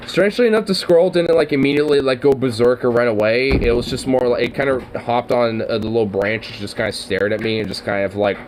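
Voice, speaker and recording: A man talks in a loose, rambling way, full of swearing and fillers. He gets excited easily and keeps trailing off mid-thought. There is a faint hiss of noise behind him. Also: mid-range voice, brisk, poor audio. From Oregon, US. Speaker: streamer. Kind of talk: casual rambling chat.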